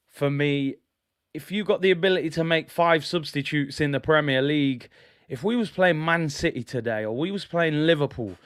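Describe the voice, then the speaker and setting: A man's voice: fairly high pitch, dry recording, studio quality. Chatty man hosting a football stream. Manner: chatty, reads out viewer messages, upbeat. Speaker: host of a football fan live stream. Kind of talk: casual live-stream chat.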